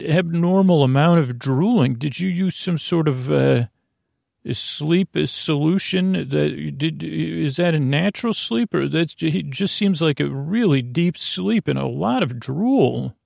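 A man's voice: a little high, vocal fry, darkish tone, no echo, studio quality, pitched above the performer's own voice, full character voice. A man putting on a fussy, drowsy young woman prisoner. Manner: dreamy, fussy, rambling.

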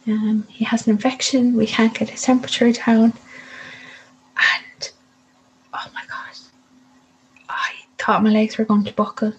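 A woman's voice: fairly high pitch, level tone, measured pace, long pauses, in a whisper, poor audio. A young woman telling a personal story in a vivid way, acting out the voices of the people in it.

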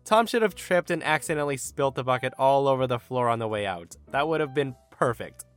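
A man hosting a podcast, reading internet stories aloud in an animated, expressive way with his own comments. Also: medium pitch, a little fast, soft background music. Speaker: story narrator and podcast host.

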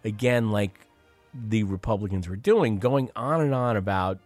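A man's voice: lowish voice, unhurried, darkish tone, no echo, soft background music. A middle-aged man hosting a show, giving casual, sardonic commentary over clips. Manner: sardonic, mocking asides. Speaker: radio host.

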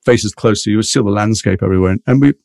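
Gravelly fast-talking English actor. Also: male voice, lowish voice, no echo, clean studio sound. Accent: mixed British, mild Liverpool and London traces. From England, Liverpool. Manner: fast, rambling, animated storytelling. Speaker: actor, guest. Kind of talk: casual interview chat.

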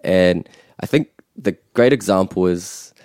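Kiwi male tutor, low mellow voice, patient explainer, dry studio sound. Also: unhurried, no room sound. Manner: patient explaining, switches into Māori phrases. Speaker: language teacher. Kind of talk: relaxed podcast lesson.

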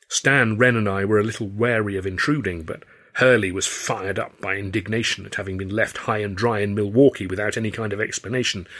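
A man's voice: on the low side, fairly bright tone. A man reading his own novel aloud as narrator, telling the story in a wry, descriptive way. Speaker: author and reader. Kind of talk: scripted audiobook narration.

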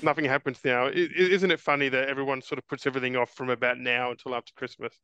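A man's voice: mid-range voice, steady tone, fast talker, sharp tone, clean tone, no room sound, highs cut off. A man in his forties, a guest in a casual interview, who talks earnestly, restarts and repeats words often, and calls the host mate. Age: 40s.

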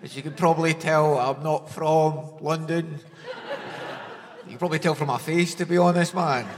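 Glasgow comedian doing standup, bit high voice, big hall echo. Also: male voice, steady tone, moderate pace. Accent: Glaswegian. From Scotland. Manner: dry, wry punchline delivery. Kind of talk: stand-up routine. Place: large concert hall with audience. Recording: live hall reverb, faint noise.

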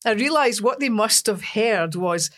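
A Scottish woman from Scotland, a singer as an interview guest, telling lively stories with laughs in casual chat. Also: mid-range voice, measured pace. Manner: lively storytelling with laughs and acted-out quotes.

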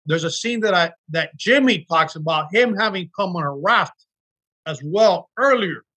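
A man's voice: high-pitched, lively intonation, moderate pace, sharp tone, slightly rough. A man, an actor, telling earnest, emotional stories from his work in a casual interview chat. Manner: earnest, emotional storytelling with restarts. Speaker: actor guest.

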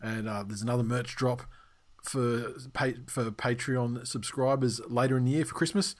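A man's voice: medium pitch, fairly even intonation, normal speed. A man hosting a podcast, chatting casually with lots of fillers and restarts and the odd swear word. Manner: rambling, swears freely, many fillers and restarts. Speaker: podcast host. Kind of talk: casual chat.

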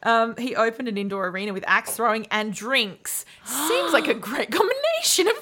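A woman with a bright, higher voice co-hosts a casual podcast. Her pitch swings widely as she fires off teasing jokes and quick asides. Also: big pitch swings. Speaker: podcast co-host. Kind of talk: casual chat.

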